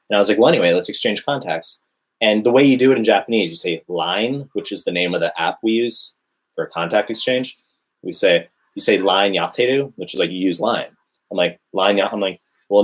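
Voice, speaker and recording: Young man, casual chat, husky, lowish voice, animated storytelling, acted-out quotes. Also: a little fast. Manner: animated, swears, acts out quotes. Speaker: dating storyteller.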